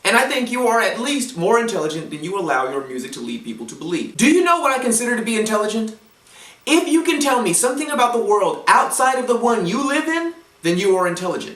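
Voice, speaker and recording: A man's voice: sits high, sing-song, quick pace, fairly bright tone. A man delivering a blunt, profane, sarcastic opinion rant to camera. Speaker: commentary vlogger. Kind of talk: ranting opinion monologue. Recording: echoey room, mic set at a distance.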